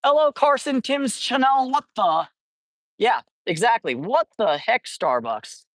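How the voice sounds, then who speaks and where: A man's voice: extremely high pitch, sing-song, measured pace, dry recording. Streamer, young man, casual and jokey, dry close sound. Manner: playful, joking, greets chat viewers, laughs often. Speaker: livestream host feeding stray cats. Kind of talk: casual livestream chat. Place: outdoors at a cat colony.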